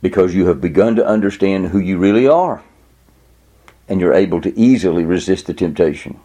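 A man preaching a sermon, telling illustrations with halting restarts and raising his pitch to act out quoted voices. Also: dark tone.

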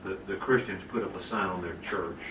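Low hesitant man from across the room. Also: a little fast. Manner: hesitant, with many fillers. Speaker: class member. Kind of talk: class discussion. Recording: distant roomy recording with background noise.

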